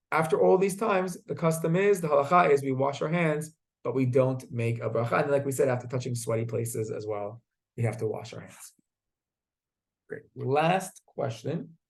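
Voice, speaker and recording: A man teaching a class, asking students questions and telling stories in a lively way. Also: medium pitch, normal speed, vocal fry. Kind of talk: classroom lesson with storytelling.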